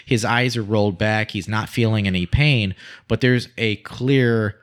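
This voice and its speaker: A man's voice: fairly low pitch, steady tone, unhurried. A man casually retelling a TV episode to a co-host in a wry, dry way with asides. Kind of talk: casual recap chat.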